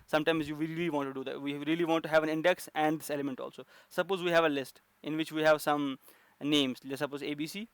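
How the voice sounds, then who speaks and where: A man's voice: fairly high pitch, fairly even intonation, quick pace, hardly any pauses, clear, resonant tone, no room sound. A man teaching a coding lesson, explaining step by step with frequent fillers and restarts. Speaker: programming instructor.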